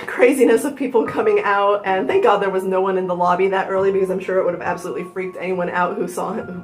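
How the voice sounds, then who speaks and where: A young woman vlogger telling an emotional personal story from home, using "like" a lot and laughing through the hard parts. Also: medium pitch. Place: at home with her dog in her lap. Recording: roomy echo with music behind. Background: music.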